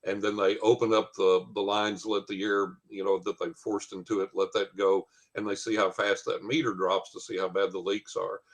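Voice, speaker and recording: A man tells a long anecdote in a fairly low voice. He rambles along with many "uh"s and acts out what other people said. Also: little pitch movement, normal speed, hardly any pauses. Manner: rambling anecdote with many fillers and quoted dialogue. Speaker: guest storyteller. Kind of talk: casual storytelling.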